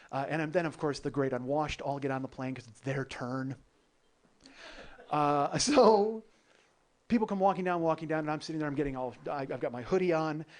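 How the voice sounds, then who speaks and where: A man hosting a comedy podcast, telling a long travel story in a loose, profane way and often laughing at his own jokes. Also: on the high side. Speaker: podcast host.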